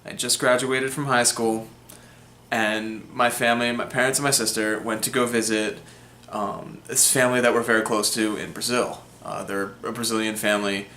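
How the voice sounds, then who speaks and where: A man's voice: on the low side, level tone, normal speed, sharp tone, slight background noise. A young man hosting a film vlog, reviewing a classic movie in a rambling, chatty way with many fillers. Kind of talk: casual movie review monologue. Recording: roomy echo.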